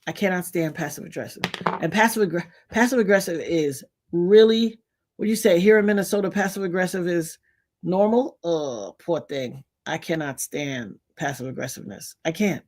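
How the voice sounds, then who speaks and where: A woman speaking fairly quickly runs a laid-back livestream, going through viewer comments. Her stories are blunt, emphatic and slangy, her voice swings broadly in pitch and volume, and she keeps laughing.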